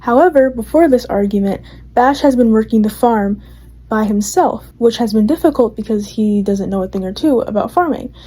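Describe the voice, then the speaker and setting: Young woman vlogger, mellow and slightly high voice, loose rambling recap style. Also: moderate pace, slightly rough, rough recording. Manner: rambling, full of "like" and "you know". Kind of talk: casual chatty recap.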